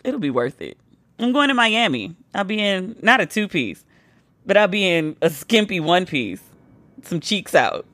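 A woman's voice: lowish voice, big pitch swings, normal speed, a bit bright, dry recording. A woman hosting a podcast, tipsy and telling a playful story in a casual monologue, now and then mimicking her friends. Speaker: podcast host.

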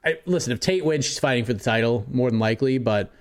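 A man co-hosting a casual sports talk show, reading through listener picks and adding quick comments. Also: medium pitch, animated. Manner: reads lists of matchups, chuckles often. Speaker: podcast co-host.

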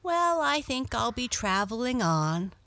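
A woman reading a storybook aloud and voicing a polite, homesick female black cat, raising her pitch. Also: very animated, unhurried, bright, forceful tone, exaggerated voice.

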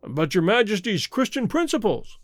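An obsequious court chamberlain, fawning and easily flustered, as a male narrator puts him on. His pleas climb high and wander in pitch. The recording is close and dry. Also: sing-song, normal speed, no room sound. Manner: fawning, wailing.

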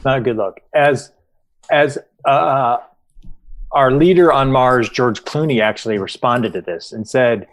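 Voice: medium pitch, measured pace. A podcast co-host in casual chat, making brief, amused remarks.

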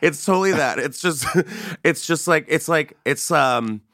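A man with a bright, forceful voice tells funny stories as the host of a casual podcast. He slips into the voices of the people he describes. The sound is dry and close, with no room around it. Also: fairly high pitch, measured pace, dry recording. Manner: animated storyteller, acts out quoted people. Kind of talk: casual comedic chat.

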